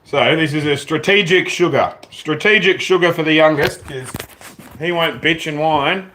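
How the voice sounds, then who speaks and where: Young Australian male streamer, slightly high voice, loose and profane, faint background hiss. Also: moderate pace, bright, forceful tone. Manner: laid-back, swears casually. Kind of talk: casual live reaction stream. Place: home.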